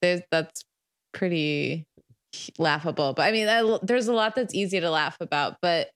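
A woman co-hosting a podcast who recounts a book in casual chat, unhurried and often laughing as she tells it. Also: fairly low pitch, animated, no room sound, studio quality. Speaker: podcast co-host.

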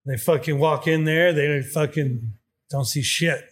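A man spins a story in casual conversation, his voice sitting a little high. He swears constantly and plays out each side of the exchange himself. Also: measured pace. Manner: profane, animated, acts out dialogue. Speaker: guest telling a story.

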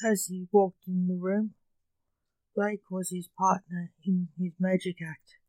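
A storyteller reading a story aloud in a slow, even way. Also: medium pitch, no room sound.

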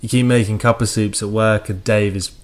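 A man's voice: on the low side, steady tone, a little fast. A man co-hosting a podcast, speaking hesitantly with dry humor in casual chat. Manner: hesitant, dry, with mock commentary. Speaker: podcast co-host.

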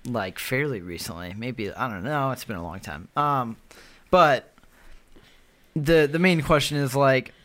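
A man co-hosting a casual podcast, talking in a relaxed, rambling way with plenty of laughs. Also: mid-range voice, measured pace. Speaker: podcast co-host.

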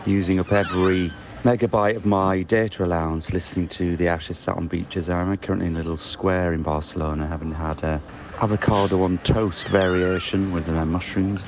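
A man with a very low voice sends a wry, measured voice note from a city square. Traffic and street noise sit clearly behind him in this outdoor phone recording. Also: steady tone. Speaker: podcast co-host.

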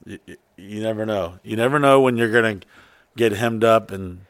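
A man's voice: lowish voice, normal speed, a bit bright, no echo, studio quality. A man hosting a podcast, trading crude jokes and stories. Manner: crude joking. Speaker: podcast host. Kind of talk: casual podcast banter.

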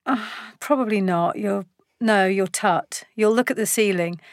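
A middle-aged woman chatting casually as a guest, animated and laughing, acting out quoted lines. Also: medium pitch, a little slow, no echo, clean studio sound. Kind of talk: casual chat.

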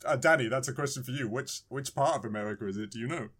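A man's voice: mid-range voice, fast talker, a bit bright, breathy edge. Chatty British male podcast host. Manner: chatty, repeats words and says right?. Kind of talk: casual chat.

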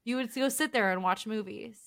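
A woman's voice: fairly high pitch, brisk, a bit bright. Teasing young woman podcast co-host. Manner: teasing, storytelling, filler-heavy. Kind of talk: casual podcast chat.

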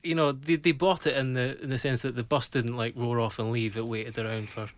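A former footballer giving his views in a casual podcast chat, measured and reflective. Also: mid-range voice, level tone.

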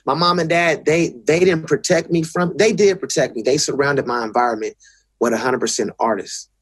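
Husky, profane Los man. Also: on the high side, fairly even intonation, brisk, no echo. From South Central Los Angeles. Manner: blunt, profane, restarts often. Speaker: guest. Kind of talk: casual interview talk.

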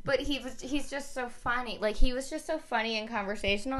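A young woman chatting casually on a podcast. She tells stories with animated energy and acts out what people said. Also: a little high, fairly quick, hardly any pauses. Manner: animated storyteller, acts out quotes. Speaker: podcast co-host. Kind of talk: casual chat.

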